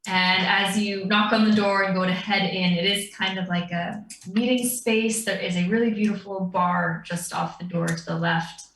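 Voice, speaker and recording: A woman's voice: mid-range voice, steady tone, normal speed, hardly any pauses, fairly bright tone. A woman narrating a tabletop game as dungeon master, describing scenes in a meandering way. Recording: roomy, distant mic.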